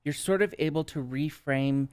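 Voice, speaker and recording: A man's voice: fairly high pitch, moderate pace, a little mellow. A man with a Minnesota accent, a guest on a podcast, earnestly telling his own story in a reflective way and often checking in with "right?". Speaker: guest, substance use counselor. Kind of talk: casual podcast conversation.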